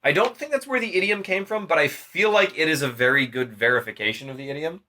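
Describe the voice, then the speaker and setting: Profane, bright-voiced man telling a myth. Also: on the high side, fast. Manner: profane, animated, acts out characters' lines. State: tipsy. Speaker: podcast storyteller. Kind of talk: drunk casual retelling of a myth.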